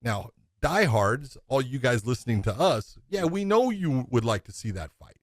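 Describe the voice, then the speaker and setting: A man's voice: medium pitch, expressive, normal speed, no room sound, studio quality. A man co-hosting a podcast, talking casually and at length about fights, with frequent "you know" fillers. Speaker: podcast co-host. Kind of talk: casual MMA chat.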